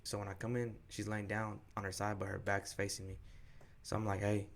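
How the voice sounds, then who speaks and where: A man's voice: fairly low pitch, flat delivery, fairly quick, gravelly. A young man co-hosting a podcast, frankly retelling a breakup in slangy, profane everyday talk. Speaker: podcast co-host. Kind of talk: candid personal storytelling.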